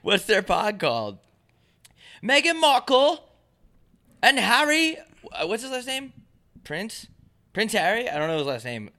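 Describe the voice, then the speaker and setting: A man co-hosting a casual podcast, ranting loudly and swinging his voice up and down as he jokes. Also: normal speed. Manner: loud, animated ranting with big pitch jumps. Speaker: podcast co-host.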